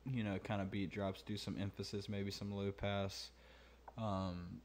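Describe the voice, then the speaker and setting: Unhurried and flat, the man's lowish voice carries a laid-back mixing tutorial on his channel, peppered with ums and uhs as he thinks aloud. A slight background noise sits under it.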